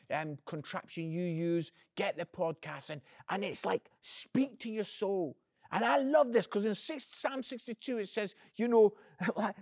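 In a dry, studio-quality recording, a male evangelist with a high voice offers an earnest, inspirational video message. Energetic, he alternates between loud emphasis and quiet stretches and refers to the listener as "friend."

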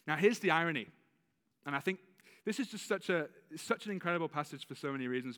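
A man's voice: fairly high pitch, animated, brisk, sharp tone, long reverb tail. A male pastor giving a conversational sermon with a slight lisp, often correcting himself mid-sentence. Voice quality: slight lisp on some words. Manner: conversational, with self-corrections and laughs. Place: church.

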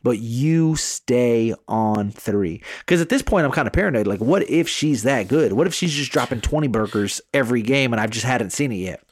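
A man co-hosting a podcast, telling a story in a casual, animated way with plenty of swearing. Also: medium pitch, fast, hardly any pauses, slightly rough, dry recording. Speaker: podcast co-host.

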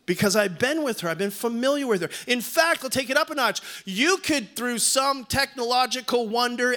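A man's voice: extremely high pitch, sharp tone. A man in his fifties preaching a sermon as a pastor, emphatic, repeating key lines and calling on the congregation to respond. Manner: repeats key lines for stress, some restarts.

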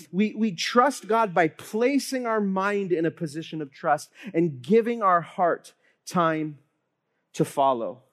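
A man in his thirties preaching a sermon to his congregation, telling stories with animation and acting out the voices of the people he quotes. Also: high voice. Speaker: pastor.

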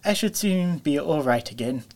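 A man's voice: a little high, lively intonation, normal speed, voice pushed up. A man voicing a boastful, reckless male toad in a storybook reading, with a raised, showy voice. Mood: wheedling. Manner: boastful, shouting.

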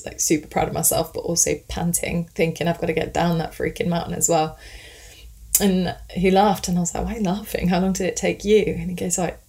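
Woman, devotional speaker, steady and even delivery, conversational and earnest. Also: on the low side. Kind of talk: devotional talk.

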